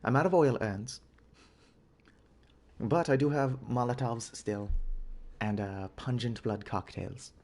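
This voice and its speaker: A man's voice: mid-range voice, slow pace, long pauses. A man in his twenties giving wry, self-mocking let's-play commentary with a stuffy nose. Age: 20s. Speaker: gaming channel host. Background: loud game music and combat sounds.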